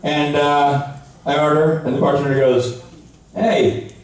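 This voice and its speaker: A man on a convention panel telling a funny anecdote to a live audience, animated and jokingly aggrieved. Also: a little high, moderate pace, a little hiss or hum. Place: large convention hall. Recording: echoey hall from far off.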